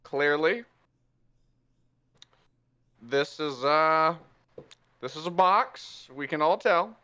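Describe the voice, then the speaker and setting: A man's voice: fairly high pitch, lively intonation, drawn-out words, pushed and bright, clear, resonant tone, exaggerated voice. A man voicing a pompous, delusional male cat rogue who speaks with grand self-assurance. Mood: boastful.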